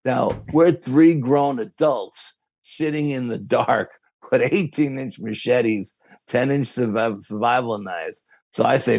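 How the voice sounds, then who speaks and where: A man's voice: medium pitch, a little slow, gravelly, darkish tone, no echo. A man with a New York accent, a podcast guest telling a long story with quoted dialogue. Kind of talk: casual storytelling.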